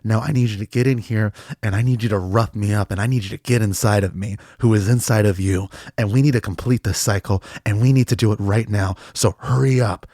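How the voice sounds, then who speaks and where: A man playing a needy inner voice: soft, pleading, a bit lower than his own talk, dry. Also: fairly even intonation, fairly quick, hardly any pauses, dry recording. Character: man's clingy needy male inner voice.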